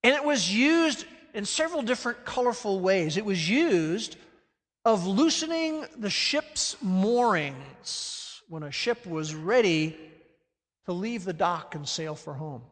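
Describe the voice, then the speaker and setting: A man preaching a sermon with animated delivery, swinging between loud emphatic peaks and hushed, low phrases. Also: takes it slowly, in a large hall. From Alabama. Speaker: pastor.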